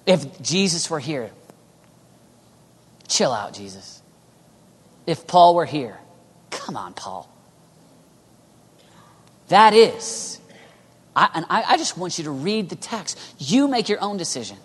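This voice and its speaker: Man preaching a sermon, passionate, drops to whispers, slightly high voice, long hall reverb. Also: very animated, moderate pace, breathy edge. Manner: passionate, swings from loud urging to hushed whispers.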